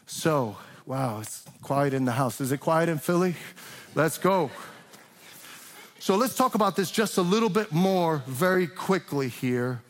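A man preaching to a large congregation, his slightly high voice pushing hard on each point and climbing into urgent questions. The sound carries a long reverb from the big church hall around him. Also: expressive, a little slow. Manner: impassioned preaching with rising emphatic questions. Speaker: pastor. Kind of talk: sermon.

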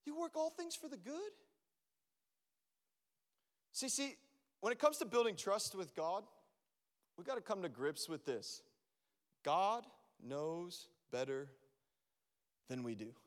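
A man preaching a sermon as a pastor, animated and acting out his own prayers to God. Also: sits high, slow pace, long pauses. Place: church. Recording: long reverb of a church hall.

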